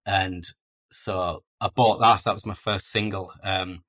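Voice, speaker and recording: Bright-voiced man telling stories. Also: low voice, steady tone, measured pace. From North East England. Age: 40s. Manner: chatty anecdotal storytelling, self-deprecating. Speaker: guest author. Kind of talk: casual podcast interview.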